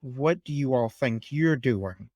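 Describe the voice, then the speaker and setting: A gruff male vigilante, as a man puts him on in a tabletop game, impatient and pressing. His voice sits mid-pitch, with a dry, close sound. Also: animated, takes it slowly, darkish tone, no room sound. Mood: urgent.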